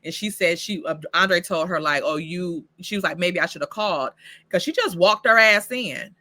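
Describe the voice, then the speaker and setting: A woman's voice: on the low side, normal speed. A woman hosting her own show recap channel, talking casually and profanely, calling out characters as she goes. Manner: profane, animated, talks back to the characters. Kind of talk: casual reaction review.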